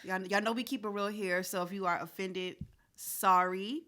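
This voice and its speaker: A young adult woman co-hosting a podcast, chatting candidly and excitably about films and shows. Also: mid-range voice, normal speed. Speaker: podcast co-host. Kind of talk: casual chat.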